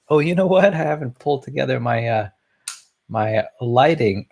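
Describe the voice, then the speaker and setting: Slow gravelly man, chatty and rambling. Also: medium pitch, expressive, darkish tone. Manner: rambling and chatty, chuckling often. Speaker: family member sending a video message. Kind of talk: casual personal video message.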